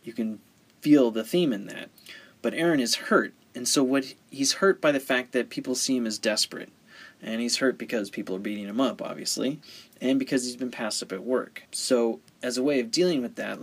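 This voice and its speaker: A man's voice: mid-range voice, husky. A man teaching story structure in a conversational way, often asking rhetorical questions. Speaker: writing teacher. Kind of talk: explaining story theory.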